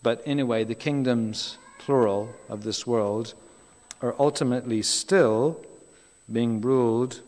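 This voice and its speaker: Chatty preacher in a reverberant hall. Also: male voice, mid-range voice, a little slow, a little mellow. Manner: chatty, asides and questions to the congregation. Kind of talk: sermon.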